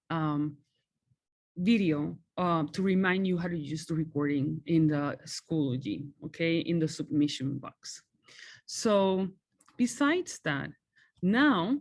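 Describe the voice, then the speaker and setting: A woman whose first language is Spanish, patiently walking students through a class assignment and often checking in with them. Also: on the low side. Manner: patient, explanatory, frequent checking "okay?". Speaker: Spanish teacher. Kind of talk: recorded class walkthrough.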